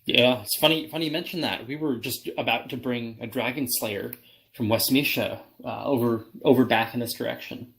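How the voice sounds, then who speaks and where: A man playing his character in a tabletop game, hesitant and filling pauses with "uh" and "um". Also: mid-range voice, creaky, a bit bright. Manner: hesitant, lots of fillers. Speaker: player.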